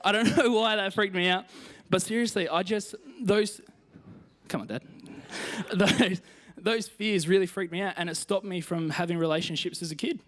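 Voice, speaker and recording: A man's voice: sits high, normal speed, fairly bright tone. A young man with an Australian accent preaching a sermon in a chatty, self-deprecating way, telling personal stories and reading scripture. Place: church stage.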